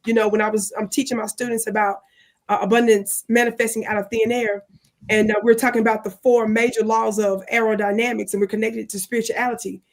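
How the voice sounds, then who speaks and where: A woman's voice: a little high, little pitch movement, brisk. Earnest woman teaching spiritual lessons. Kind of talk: panel discussion.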